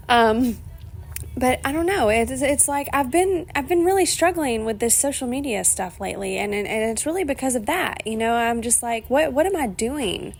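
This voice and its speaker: Alone on her podcast, this host talks in a fairly high, expressive, creaky voice at a moderate pace. Her rambling is chatty and emotional, punctuated by frequent laughter and casual swearing, and she seems near tears.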